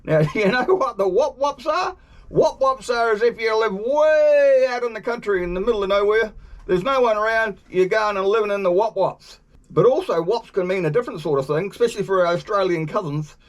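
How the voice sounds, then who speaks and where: A man's voice: sits high, lively intonation, fairly quick. A man with a New Zealand accent hosting a travel video, explaining slang in a jokey, playful way. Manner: jokey, playful, chuckling asides. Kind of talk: upbeat scripted explainer to camera.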